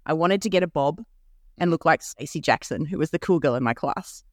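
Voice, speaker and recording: A woman's voice: deep voice, lively intonation, a little fast, no room sound, studio quality. A woman co-hosting a podcast, telling a story in casual chat and laughing often. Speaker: podcast co-host.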